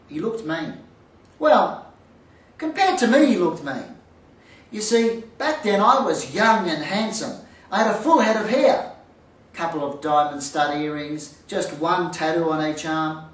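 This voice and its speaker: Comic storyteller, self-mocking, recorded from far off in a roomy space. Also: male voice, sits high. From Australia. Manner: lively, self-mocking, punchline timing. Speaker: storyteller, former boxer.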